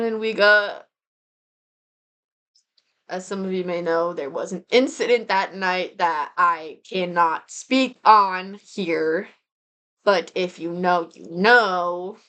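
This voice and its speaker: A woman's voice: on the low side, slow, long pauses, a bit bright. A young woman in her twenties chatting casually to camera in a rambling monthly recap, full of "like" and "um". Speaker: vlogger.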